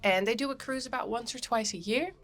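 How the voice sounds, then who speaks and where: A woman with a fairly high, bright voice hosts her podcast briskly while nursing a cold aboard a cruise ship. Her monologue is chatty and rambling, with many ums.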